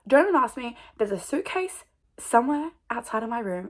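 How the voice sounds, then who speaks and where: A woman's voice: on the high side, very animated, brisk. A young woman, rambling and oversharing in a casual chat to camera, laughing often and restarting her sentences. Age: young adult. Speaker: vlogger.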